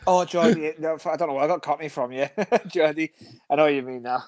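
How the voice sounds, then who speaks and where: A man's voice: a little high, fairly even intonation, a little fast, a little mellow. A man co-hosting a podcast, rambling enthusiastically and giggling through casual chat. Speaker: podcast co-host.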